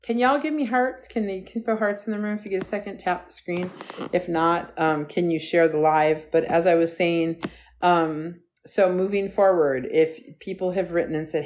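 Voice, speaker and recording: A woman with a low voice hosts a relaxed live stream into her phone. She rambles from topic to topic and keeps breaking off to thank viewers. Her talk is loose and chatty. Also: normal speed. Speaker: livestream host. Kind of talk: casual live stream chat. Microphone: phone livestream.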